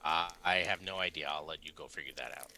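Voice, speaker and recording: A man narrating as game master of a tabletop game, relaxed and rambling with fillers. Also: very deep voice, fast, vocal fry, a little hiss or hum, rough recording. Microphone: desk mic on a live stream.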